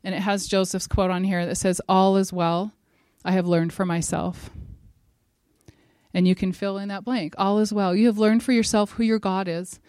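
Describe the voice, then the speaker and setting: A middle-aged woman giving a devotional talk at a church gathering, earnest and emphatic, building to forceful exhortation. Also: medium pitch, flat delivery, moderate pace, clear, resonant tone, no room sound.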